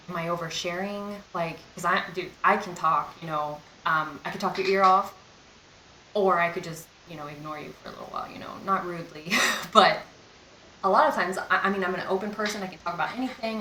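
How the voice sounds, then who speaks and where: A woman's voice: on the low side, bright, forceful tone, roomy sound, a little hiss or hum, low-quality recording. A young woman in a casual storytime vlog, talking candidly and rambling, with lots of "like" and "you know.". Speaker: vlogger.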